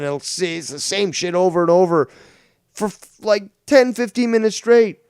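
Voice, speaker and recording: A man's voice: high-pitched, normal speed, clean tone, no echo, clean studio sound. A man hosting a livestream, ranting at a rival in a mocking, profane, rambling way. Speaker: livestream host. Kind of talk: casual commentary rant.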